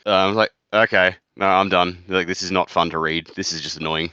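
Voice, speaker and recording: A man's voice: low-pitched, steady tone, brisk, pushed and bright, smooth, no echo, muffled recording. A man co-hosting a casual book podcast, talking bluntly, swearing freely and laughing often. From outside the United States. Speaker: podcast co-host. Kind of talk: casual book-club chat.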